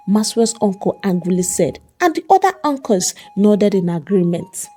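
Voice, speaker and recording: Lively woman storyteller, warm voice. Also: medium pitch, normal speed, few pauses, soft background music. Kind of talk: scripted narration.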